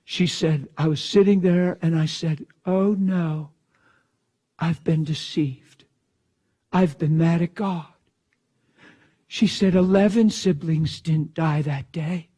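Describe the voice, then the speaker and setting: A man preaching, telling a story in a hushed voice and then breaking into shouted bursts. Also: on the high side, fairly even intonation, slow, pauses often, breathy edge. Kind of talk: sermon storytelling.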